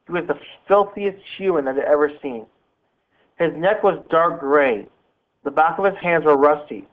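Male teacher narrating a novel, steady and plain, slightly high, phone-line sound. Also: moderate pace. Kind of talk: reading a novel aloud.

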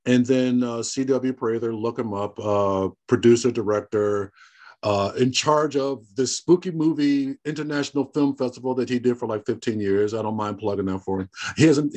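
A man from the American South, guest on an interview, telling lively stories and acting out the people in them. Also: medium pitch. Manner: animated storyteller, laughs often, acts out quoted dialogue. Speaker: guest, horror host. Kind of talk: casual interview storytelling.

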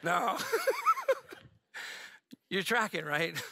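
A man preaches from the pulpit with a very high, bright voice. He talks in a loose, conversational way, cracking jokes and slipping in asides to his church. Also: wildly swooping pitch, extremely slow, vocal fry, slightly rough. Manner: conversational and joking, with frequent asides. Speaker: pastor. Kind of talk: sermon. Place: church sanctuary.

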